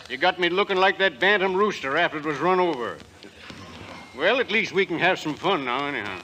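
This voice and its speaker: An actor playing a boisterous, rough-edged Western rancher in 1940s radio acting, talking in folksy slang and laughing often. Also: male voice, a little high, animated, normal speed, sharp tone, a little hiss or hum, rough recording. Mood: jovial. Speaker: lead in a radio comedy.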